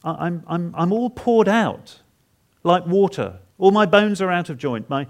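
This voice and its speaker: A man preaching an expository sermon at a conference. He retells a psalm dramatically in the first person, halting and repeating words for emphasis. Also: sits high, lively intonation.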